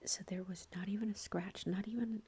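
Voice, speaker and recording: A woman's voice: medium pitch, steady tone, brisk, warm tone. A woman whispering a long rambling story as an ASMR chat, with lots of fillers. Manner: breathy whispering throughout. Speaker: ASMR creator.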